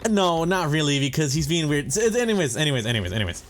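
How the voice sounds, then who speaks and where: A man's voice: a little high, sing-song, fast talker, faint music behind. A young man hosting a gaming channel, chatting casually and profanely over gameplay, rambling and correcting himself as he goes.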